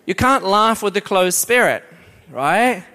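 A man preaching a lively sermon, playful and exclamatory, often breaking into laughter. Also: high-pitched, unhurried.

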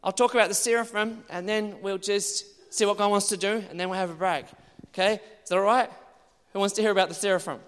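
A male preacher giving an animated sermon, now and then bursting into loud exclamations. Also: sits high, quick pace, clean tone. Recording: long hall reverb.

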